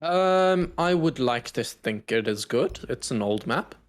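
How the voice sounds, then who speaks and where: A man's voice: medium pitch, animated, unhurried. A man co-casting a live esports match, joking and bantering with his partner and the viewers. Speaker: esports co-caster.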